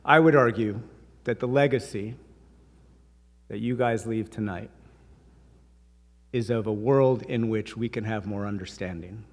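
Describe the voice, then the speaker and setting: A man with a voice of medium pitch tells stories at a dinner in a conversational, anecdotal way, with a light touch of humor. His voice rings out into a large hall with long reverb trailing each phrase, caught by a lectern mic. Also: a little mellow. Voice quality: voices others in quoted bits. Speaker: speaker at a dinner. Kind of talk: anecdotal speech.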